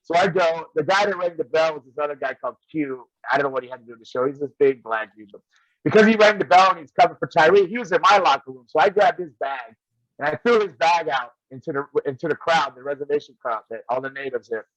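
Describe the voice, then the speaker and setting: A man's voice: fairly high pitch, fast, a bit bright, no room sound. A man, a wrestling guest, telling old road stories in casual chat and laughing often as he goes. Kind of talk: casual storytelling. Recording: dull, lo-fi sound.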